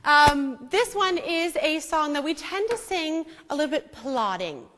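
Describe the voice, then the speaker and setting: A woman's voice: sits high, big pitch swings, a little slow, noisy background. A woman teaching music to an audience, coaxing them along and checking in often. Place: church hall. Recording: echoey hall, imperfect sound.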